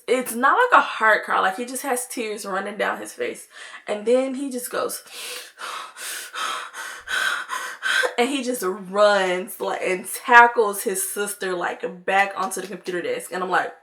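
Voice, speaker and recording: A woman's voice: mid-range voice, a bit bright. A young woman, chatting to viewers in a casual storytime vlog, full of "like" and "y'all". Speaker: vlogger.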